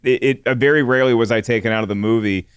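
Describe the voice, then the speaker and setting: Smooth-voiced male co-host, dry sound. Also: medium pitch, fairly even intonation, racing, no echo. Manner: earnest, enthusiastic analysis. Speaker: podcast co-host. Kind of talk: casual film discussion.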